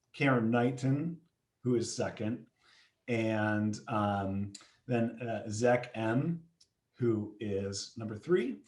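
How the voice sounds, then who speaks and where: A man hosting a live online comics reading on a video call, talking casually with many pauses and fillers. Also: on the low side, darkish tone. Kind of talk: casual event introduction. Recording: roomy echo.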